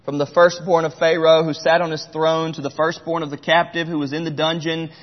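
A middle-aged man preaching a sermon, passionate, swinging between loud and hushed near-whispers. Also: on the high side, flat delivery, normal speed, hardly any pauses. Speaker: pastor. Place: church sanctuary. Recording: dull sound with long hall reverb.

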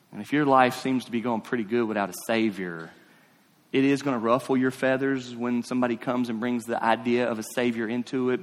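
A man preaching a sermon to his congregation as pastor. He repeats phrases for emphasis and asks them questions, swinging between hushed, drawn-out lines and rising, emphatic ones. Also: medium pitch, little pitch movement. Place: church sanctuary. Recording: long reverb of a church hall.

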